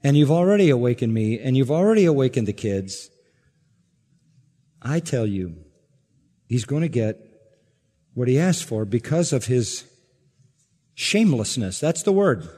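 A man's voice: mid-range voice, very animated, a little slow, long pauses, mellow, in a large hall. A pastor preaching an emphatic sermon, his voice rising sharply on key words.

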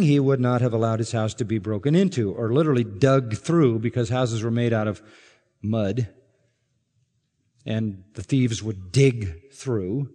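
A man's voice: mid-range voice, unhurried, mellow, big-room sound. A male pastor preaching an expository sermon, reading scripture aloud and building to emphatic peaks on key lines.

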